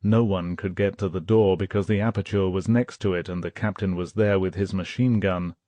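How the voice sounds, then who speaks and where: A man reading an audiobook in steady, measured scripted narration. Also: deep voice, no echo. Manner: measured, steady storytelling, voicing characters' shouts.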